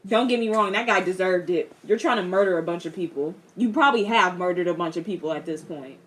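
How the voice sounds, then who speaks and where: A young woman giving a casual movie reaction, animated, laughing often and acting out characters in quick voices. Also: fairly low pitch. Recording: steady background noise.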